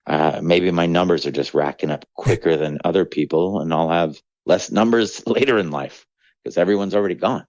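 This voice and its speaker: Low-voiced reflective middle-aged man. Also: normal speed, darkish tone, no echo, highs cut off. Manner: reflective, rambling, acts out quoted voices. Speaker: comedian guest. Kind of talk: candid podcast conversation.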